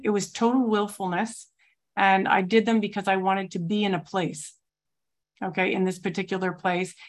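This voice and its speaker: In a twelve-step program meeting, a woman in her forties gives a personal recovery testimony. She speaks reflectively and searchingly at a middling pitch, often pausing with soft fillers to gather her thoughts.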